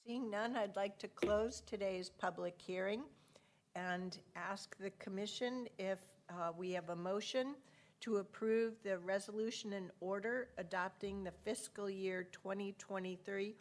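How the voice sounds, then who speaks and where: A woman's voice: medium pitch, steady tone, a little slow. A woman with a cough chairing a public board meeting, courteous and procedural. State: has a cough.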